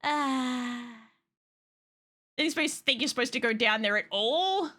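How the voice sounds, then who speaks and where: A woman's voice: high voice, unhurried, sharp tone. A woman casually commenting on her gameplay, swearing often with playful exasperation. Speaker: game streamer.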